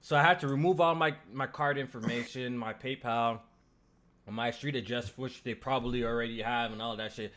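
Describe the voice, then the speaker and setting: Male podcast host, casual and animated, heavy slang. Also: medium pitch, a little fast. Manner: animated, swearing, storytelling. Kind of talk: casual gaming podcast chat.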